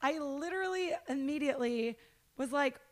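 A woman who works as a red carpet interviewer, telling stories in a casual chat, animated and full of "like" and "dude". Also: high-pitched, normal speed. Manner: animated storyteller, lots of "like" and "dude".

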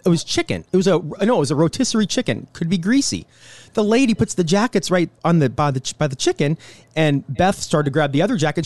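Brief: quick, animated male co-host, dry close mic, plays out quoted voices in his story. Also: a little high, no echo. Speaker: show co-host. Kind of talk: casual chat.

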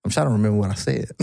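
A man's voice: mid-range voice, vocal fry. A man who co-hosts a podcast, reflecting in a casual conversation and laughing easily. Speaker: podcast co-host.

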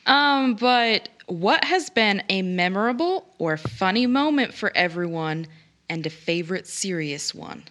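A woman's voice: mid-range voice, animated, measured pace, a bit bright. A woman co-hosting a podcast in casual chat, reading listener questions and laughing often. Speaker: podcast co-host.

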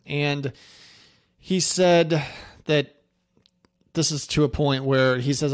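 A man's voice: on the high side, a little slow, long pauses. A man hosting an insurance podcast, talking loosely and conversationally, with plenty of fillers and restarts as he explains things. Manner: animated and salesy in the ad, conversational and explanatory after. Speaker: podcast host, insurance agency owner. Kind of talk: casual podcast talk with ad read.

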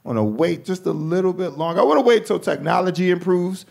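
A man doing stand-up with a high, gravelly voice and a profane, animated delivery. He acts out the people in his stories, often pushing up into shouts. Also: fast. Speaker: stand-up comedian. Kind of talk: stand-up routine.

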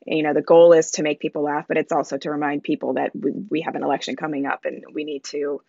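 A comedian from Jamaica, a woman, giving an interview and telling stories in an animated way, laughing often and acting out other people's lines. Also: low-pitched, fast, creaky, no echo, dull audio. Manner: animated storytelling, laughs often, acts out quoted voices. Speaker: comedian, guest. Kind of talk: interview conversation.

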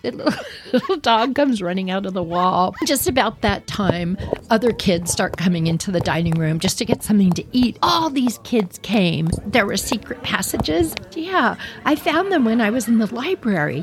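A woman hosting a podcast, telling a personal childhood story in an animated way and acting out her younger self. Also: medium pitch, normal speed, noisy background. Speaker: podcast host.

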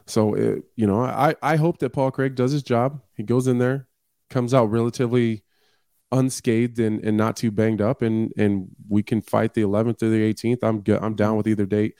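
A man's voice: lowish voice, steady tone, moderate pace, mellow, no echo, clean studio sound. A man appearing as a fighter on a sports talk show, speaking frankly with stammering restarts. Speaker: guest fighter. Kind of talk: casual sports chat.

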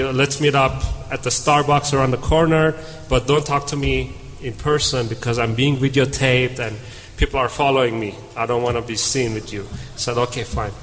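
A man on a conference panel telling a story and acting out the dialogue as he goes. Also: mid-range voice. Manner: animated storyteller, acts out dialogue. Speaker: panel speaker. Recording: reverberant hall, faint room noise.

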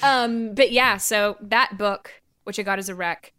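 A woman's voice: medium pitch, measured pace, sharp tone. A woman co-hosting a podcast, chatting casually and teasing with frequent laughs. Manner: giggly, teasing. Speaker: podcast co-host. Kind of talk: casual chat.

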